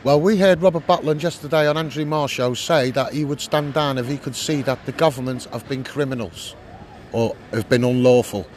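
A man's voice: medium pitch, fairly quick, darkish tone, slight background noise. A man with a Scouse accent, a campaigner speaking earnestly and indignantly in an on-the-spot street interview. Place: outdoors on a city street.

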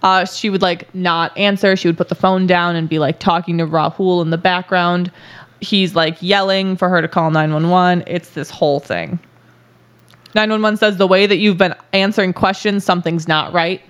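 A woman's voice: lowish voice, fairly even intonation, normal speed, clear, resonant tone. A woman hosting a podcast, telling a story in a casual, chatty way, laughing often and using many filler words. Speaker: podcast host.

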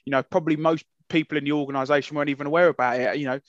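A man's voice: fairly high pitch, fairly even intonation, rapid-fire, no room sound. A man co-hosting a casual podcast, talking in an impassioned, emphatic way with many fillers and restarts. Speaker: podcast co-host. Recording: muffled lo-fi, dry sound.

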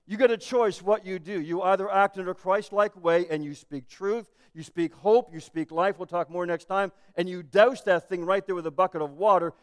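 A man's voice: high-pitched, smooth, big-room sound. A man preaching a sermon as pastor, emphatic and full of rhetorical questions.

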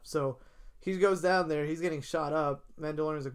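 Slightly high-voiced man rambling through a recap. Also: fairly even intonation, smooth. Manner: rambling, acts out characters' lines in quick asides. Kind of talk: casual chat recapping a TV episode.

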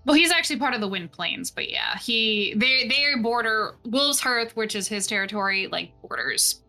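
A woman's voice: on the high side, animated, moderate pace, bright, forceful tone, soft background music. A woman running a tabletop game as game master, narrating in a chatty way with many fillers.

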